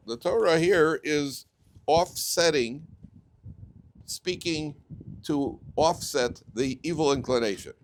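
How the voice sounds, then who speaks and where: A man with an American accent, a rabbi giving a joking, digressive Torah lecture with sudden jumps in pitch. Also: animated, takes it slowly, slight background noise. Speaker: rabbi teaching a weekly Torah class.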